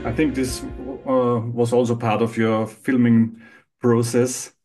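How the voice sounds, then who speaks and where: A man hosting an interview, asking calm, measured questions. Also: medium pitch, over loud music. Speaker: interview host.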